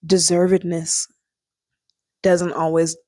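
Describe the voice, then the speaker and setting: A young woman talks through a film review in a loose, chatty way, laughing often and bursting into bits of song. Her voice sits on the low side for a woman. The sound is dry and close. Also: takes it slowly, no room sound. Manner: chatty, animated, laughs often, sings snippets. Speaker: vlogger. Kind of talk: casual chat, movie review.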